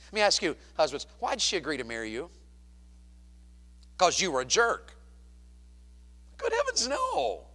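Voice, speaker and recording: A man preaching a sermon as a pastor, animated, swinging from loud to hushed. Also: fairly high pitch, fairly quick, pauses often.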